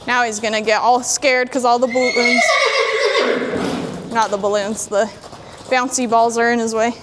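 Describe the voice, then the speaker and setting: A woman horse trainer in a sandy arena, calmly explaining while she works a young horse and talks to it. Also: fairly high pitch, normal speed, long pauses, noisy background. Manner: calm, plainspoken, talks to the horse in between. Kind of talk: training demonstration.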